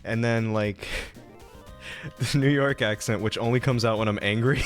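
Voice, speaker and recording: A young man streams a game while chatting casually, rambling with plenty of fillers and laughs. His mid-range voice is unhurried, and soft music plays in the background.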